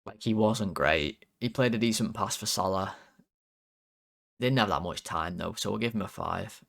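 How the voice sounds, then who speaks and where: A man's voice: fairly low pitch, moderate pace, gravelly, fairly bright tone. A man hosting a fan channel, rating players in a casual, rambling, exasperated way with lots of fillers.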